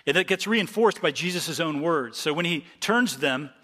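A man's voice: fairly high pitch, animated, moderate pace, a bit bright, in a large hall. A male pastor from Ohio giving a conversational expository sermon, stopping often to restart his sentences and reading scripture aloud. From Ohio, USA.

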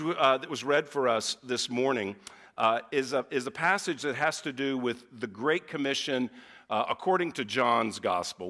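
A man preaching as a visiting speaker in a conversational sermon, telling stories in an animated way. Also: on the high side. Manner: animated storytelling with lively acted-out quotes.

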